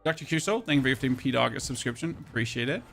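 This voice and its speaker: A man's voice: medium pitch, animated, quick pace, creaky, a bit bright, soft background music. A man from Germany chatting casually while streaming a game, rambling and often repeating words as he thanks subscribers. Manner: reads out and thanks chat subscribers. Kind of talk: casual live-stream chat while gaming.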